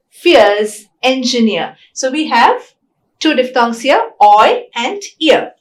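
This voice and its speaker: A woman giving a recorded phonetics lecture, slow and deliberate, often checking in with "right?". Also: high-pitched. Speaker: English lecturer.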